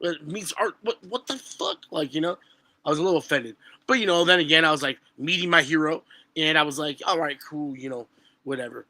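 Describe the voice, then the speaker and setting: A young man tells stories in a bright, forceful voice that sits a little above the usual male pitch. He talks in an animated, profane, casual way. The mic is close and dry. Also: brisk, no echo. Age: 20s. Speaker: guest musician. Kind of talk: casual podcast chat.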